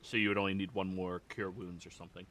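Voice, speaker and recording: A man's voice: sits low, level tone, quick pace, a bit bright, a little hiss or hum. A man running a live-streamed tabletop game as game master, chatty and laid back, laughing easily.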